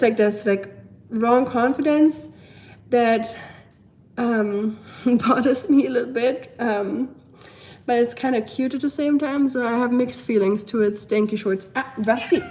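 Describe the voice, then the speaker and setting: A young German woman with a German accent, a bit hoarse from a cold, chatting casually on a home live stream, reading viewer comments and talking to her pets. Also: on the high side, a little slow, darkish tone, slight background noise. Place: at home, indoors.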